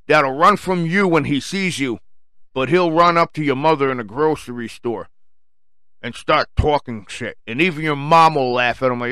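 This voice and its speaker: A man's voice: fairly high pitch, pushed and bright, clear, resonant tone, no echo. A man telling a story in a heated, profane rant full of insults.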